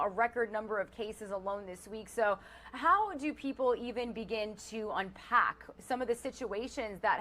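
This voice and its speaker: Woman, reporter, bright tense voice, fairly high, measured questions. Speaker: news reporter. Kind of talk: news interview.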